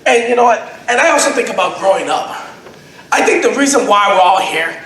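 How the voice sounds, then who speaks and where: A man's voice: high voice, lively intonation, brisk, a bit bright. A young man doing a crude, rambling stand-up set at an open mic, laughing at his own jokes as he goes. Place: convention panel room with live audience. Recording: very echoey room recording, noisy.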